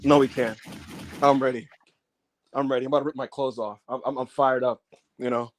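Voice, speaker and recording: A man co-hosting a casual wrestling review show, animated and profane, laughing often and acting out what people said. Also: medium pitch, a little fast, a little hiss or hum. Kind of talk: casual show recap chat.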